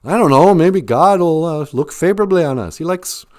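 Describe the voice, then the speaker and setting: A joking live stream host who rambles from one thought to the next, his pitch rising and falling in a lively way. He talks casually to his viewers and reads out their comments. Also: normal speed.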